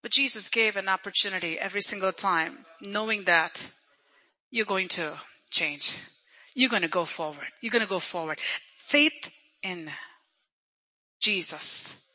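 Male preacher with an unusually high, piercing bright voice, chatty storytelling sermon, repeats lines for emphasis. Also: rough recording. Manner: storytelling preacher who acts out crowd voices; conversational, repeats phrases for emphasis.

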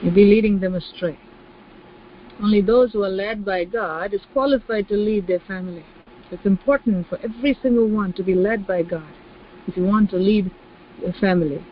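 A woman's voice: mid-range voice, normal speed, slight background noise. Woman preacher, sermon delivery, emphatic and repetitive, acts out quoted voices; slightly dull recording.

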